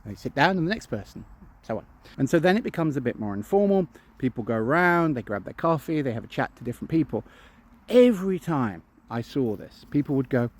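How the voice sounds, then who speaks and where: A man's voice: mid-range voice, sing-song, fairly quick. A man, a phobia specialist talking straight to camera and acting out anxious inner voices. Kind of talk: direct-to-camera talk.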